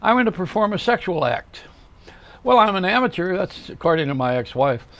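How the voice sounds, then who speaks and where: A man's voice: high voice, very animated, fairly quick, a bit bright, no echo. An older man hosting a comedic monologue, rambling along with wisecracks and one-liners and talking straight to the viewer. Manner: chatty, talks straight to the viewer. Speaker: host.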